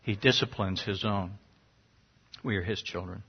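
On a dull lo-fi recording, a middle-aged pastor speaks in a fairly low, slightly rough voice with fairly even intonation and a moderate pace. He preaches earnestly and conversationally, now and then rising sharply for emphasis.

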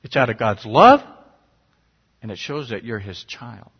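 A man's voice: mid-range voice, big pitch swings, a little slow, husky. A middle-aged man preaching a sermon, earnest and conversational, sometimes rising sharply for emphasis. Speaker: pastor. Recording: dull lo-fi recording.

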